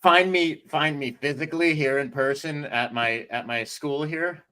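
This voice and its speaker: Forceful, lively male author guest. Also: on the high side, moderate pace, clean tone. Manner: animated, laughs a lot, repeats words. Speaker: author and jiu-jitsu instructor. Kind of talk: casual interview chat.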